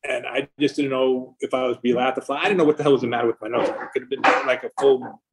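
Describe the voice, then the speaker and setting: A man's voice: medium pitch, steady tone, fast talker, very noisy. A middle-aged man, a record label founder, telling long profane anecdotes in a casual interview.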